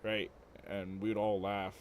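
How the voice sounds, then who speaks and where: A young man on a stream tells rambling, profane stories and laughs at his own jokes in a casual way. His voice is low-ish and flat at a measured pace, with a little hiss or hum in the audio.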